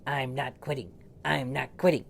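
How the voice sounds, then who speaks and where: A man voicing a stubborn, defiant tiny male louse in a children's bedtime story, raising his voice into loud, higher-pitched cries. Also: expressive, slow pace, creaky, slight background noise, full character voice.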